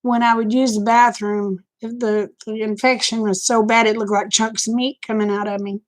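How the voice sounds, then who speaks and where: An older woman hosting a live stream chats casually, telling candid, folksy stories to her viewers. Her voice is a little high, with a flat delivery at a moderate pace.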